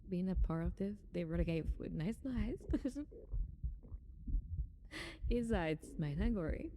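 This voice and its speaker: A woman's voice: lowish voice, normal speed, background noise. A young woman live-streaming, chatting casually with her viewers, greeting them and giggling often.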